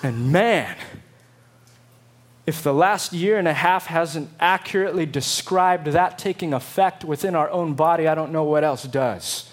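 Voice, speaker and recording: A man preaching a sermon, emphatic and dramatic, acting out quotes in lively voices. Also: fairly high pitch, a little slow. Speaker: pastor.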